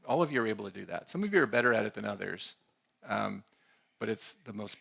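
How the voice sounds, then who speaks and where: A man's voice: fairly low pitch, expressive, fast, gravelly, pushed and bright, breathy edge. A man giving a conversational talk at a church conference, often checking in with the audience. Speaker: conference speaker.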